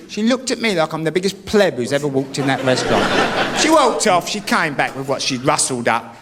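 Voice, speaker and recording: A man's voice: a little high, big pitch swings, a little fast, a little hiss or hum. A man doing a wry stand-up routine, telling stories and mocking the voices of the people in them. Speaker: stand-up comedian. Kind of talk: stand-up routine before a live audience. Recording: comedy club recording with loud audience laughter. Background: crowd laughing.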